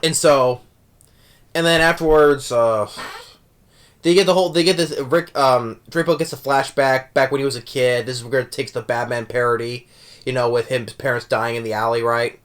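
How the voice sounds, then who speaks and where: Casual male reviewer, mid-pitched, stop-start delivery full of restarts. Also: steady tone, a bit bright, clean tone. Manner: halting, many restarts and self-corrections; chuckles while recounting jokes. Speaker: movie reviewer.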